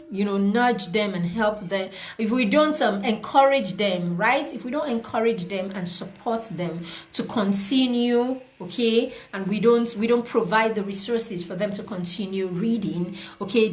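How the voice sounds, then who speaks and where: A woman's voice: mid-range voice, moderate pace, few pauses. Chatty woman hosting an online class. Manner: chatty, greets viewers by name, repeats words. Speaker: parenting class host. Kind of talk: live online class wrap-up.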